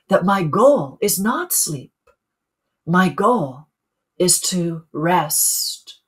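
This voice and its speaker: A middle-aged woman who coaches people on sleep, speaking calmly in a webinar and putting questions to her listeners. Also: fairly low pitch, slow. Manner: calm, teaching, asks the listeners questions. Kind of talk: webinar talk.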